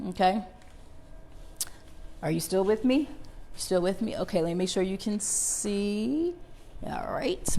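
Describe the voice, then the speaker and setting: A woman's voice: medium pitch, mellow, a little hiss or hum. A middle-aged woman, hosting a live cooking stream from her home kitchen and chatting with viewers. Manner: chatty, addresses viewers as y'all. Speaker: cooking show host. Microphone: connected microphone, moving around the house.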